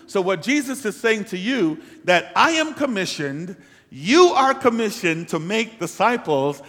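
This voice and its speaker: Male preacher, high voice, call-and-response sermon, long church reverb. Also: fairly bright tone. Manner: rises in pitch and volume when urging the room. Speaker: pastor. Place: church sanctuary.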